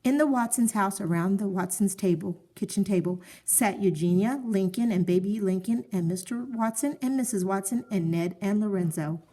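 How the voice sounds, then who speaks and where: A woman calmly narrating a children's story, reading it aloud. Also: mid-range voice, normal speed, few pauses.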